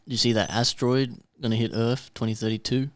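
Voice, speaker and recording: A man's voice: medium pitch, level tone, fairly quick, no echo. A man with an Australian accent hosting a podcast, telling rambling conspiracy stories in casual chat. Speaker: podcast host.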